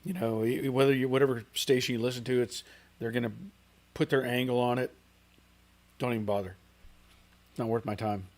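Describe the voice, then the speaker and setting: A man's voice: medium pitch, fairly even intonation, fairly quick, long pauses, a little mellow. A middle-aged man hosting a car channel livestream in casual, rambling chat, reading out viewer comments.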